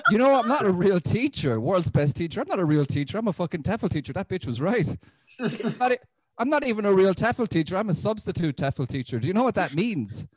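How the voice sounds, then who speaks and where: A young Irish man doing a stand-up comedy set on a club stage, deadpan and self-deprecating, with frequent swearing. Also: high-pitched, a little fast, breathy edge, no echo, poor audio. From Ireland.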